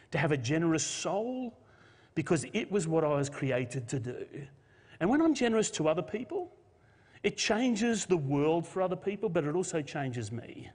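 A man's voice: on the high side, darkish tone, husky. A man preaching an earnest, emotional Christmas sermon and reading a story aloud. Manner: earnest, emotional, with restarts and shifting emphasis. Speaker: pastor. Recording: long hall reverb.

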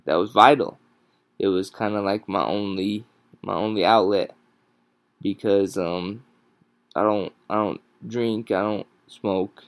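Tired, halting man hosting a podcast. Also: fairly low pitch, no room sound. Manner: halting, many ums and restarts, tired and yawning. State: exhausted, sleep-deprived. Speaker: podcast host. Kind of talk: casual solo podcast talk. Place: at home. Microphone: no proper microphone, home recording.

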